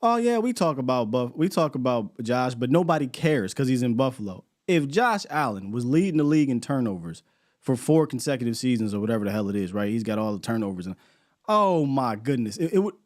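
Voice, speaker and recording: A man's voice: mid-range voice, very animated, fairly quick, a little mellow, no echo, studio quality. A middle-aged man co-hosting a sports talk show who stammers on restarts and builds his points with questions.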